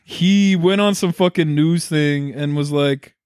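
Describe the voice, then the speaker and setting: A man's voice: on the high side, unhurried, a little mellow, clean tone, dry recording, clean studio sound. A young man co-hosting a podcast, chatting casually, swearing and laughing a lot. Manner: profane, joking, laughs often. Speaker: podcast co-host. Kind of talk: casual chat.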